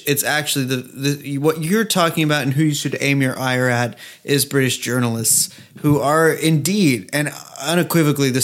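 A man co-hosting a podcast in casual chat, ranting with sarcasm and crude swearing. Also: mid-range voice. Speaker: podcast co-host.

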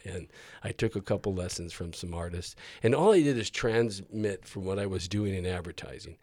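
A man's voice: low voice, normal speed, a little mellow, no room sound. A middle-aged man telling long rambling stories in casual chat, laughing often. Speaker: guest artist.

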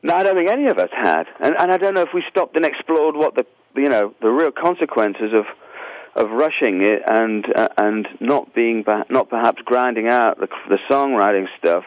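An English man answering interview questions in a halting, rambling way, full of restarts. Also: medium pitch, expressive, no echo, rough recording. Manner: halting, many restarts and fillers. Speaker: musician guest.

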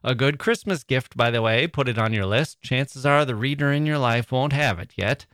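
A man's voice: medium pitch, normal speed, fairly bright tone, no room sound, clean studio sound. Wry, reflective male podcast host. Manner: reflective, wry, chuckling now and then. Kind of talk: conversational literary podcast hosting.

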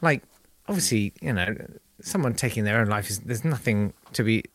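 A man's voice: fairly low pitch, lively intonation, normal speed, fairly bright tone, dry recording. A man co-hosting a comic history podcast, telling a story with mock-indignant banter. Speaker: podcast co-host.

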